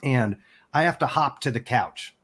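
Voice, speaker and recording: A man's voice: medium pitch, moderate pace, a bit bright. Candid man in his forties. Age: 40s. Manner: candid and emotional, swears casually. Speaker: podcast guest. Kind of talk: personal storytelling.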